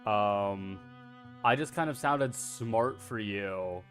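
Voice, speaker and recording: A man's voice: fairly low pitch, slow, a bit bright, faint music behind. A man streaming a video game, chatting casually in a rambling, self-deprecating way and swearing freely. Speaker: VTuber streamer.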